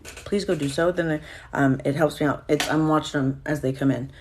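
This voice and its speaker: A woman's voice: sits low, steady tone, moderate pace, slight background noise. A woman hosting a casual live stream, talking candidly and swearing freely as she reacts to viewer comments.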